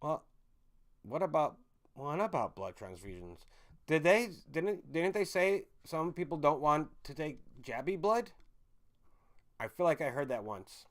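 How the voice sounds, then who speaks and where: A man's voice: a little high, big pitch swings, measured pace, a bit bright. A man hosting a casual livestream, rambling to his chat viewers, swearing freely and often correcting himself mid-sentence. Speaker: livestream host chatting with viewers.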